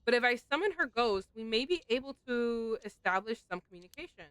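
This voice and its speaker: A woman's voice: a little high, animated, a bit bright, smooth, no echo, poor audio. Woman reading as a formal spirit expert. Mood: measured. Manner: measured, formal.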